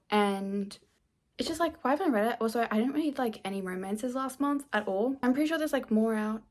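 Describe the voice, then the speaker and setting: A woman's voice: a little high, a little mellow. A nineteen-year-old woman chatting casually to camera as a book vlogger, rambling with giggly asides.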